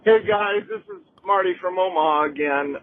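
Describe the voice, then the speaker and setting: A man's voice: high voice, normal speed. A man leaving an apologetic, hesitant voicemail for a podcast. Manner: apologetic, hesitant, self-deprecating. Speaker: voicemail caller. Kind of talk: recorded voicemail message. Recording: tinny phone line with faint noise.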